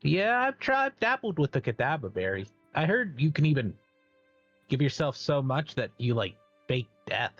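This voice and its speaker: A man plays his character in a tabletop game, flat and matter-of-fact. His mic sounds dull and lo-fi, with faint music underneath. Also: fairly high pitch, moderate pace, dry recording. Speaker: player.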